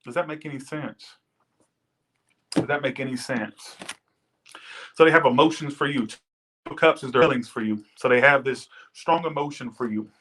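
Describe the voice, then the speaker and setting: A man's voice: medium pitch, normal speed, a bit bright, slight background noise. Rambling, chatty male tarot reader. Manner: rambling, chatty, swears casually. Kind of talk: casual live tarot reading. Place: Las Vegas.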